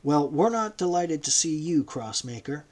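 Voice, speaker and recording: A man's voice: fairly high pitch, lively intonation, normal speed, darkish tone, lightly acted. A man voicing Barabbas, a violent, hostile brute, in a raised, threatening, roaring way in an audiobook reading.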